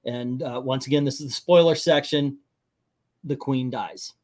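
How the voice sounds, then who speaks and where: A man's voice: mid-range voice, a little slow, darkish tone. A man hosting a casual movie review chat, sarcastic and breaking into mocking voices for the characters.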